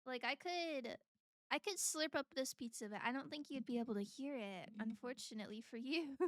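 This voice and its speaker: A woman's voice: high voice, expressive, moderate pace, no echo, studio quality. A woman streamer chatting casually with her viewers, laughing often between lines. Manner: giggly, chatty, talks while eating.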